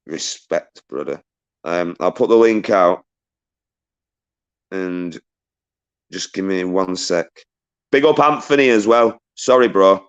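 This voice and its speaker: A man with a low, deep voice hosts a livestream, reading chat messages aloud and giving shout-outs. He rants in an agitated way and swears freely between greetings to viewers. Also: slow, pauses often, clean tone.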